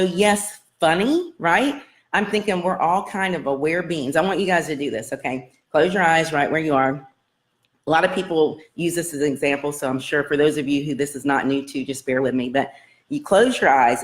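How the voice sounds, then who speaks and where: A woman casually telling her personal story to her online viewers, earnest and rambling, with many fillers and restarts. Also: low voice. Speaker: self-help vlogger.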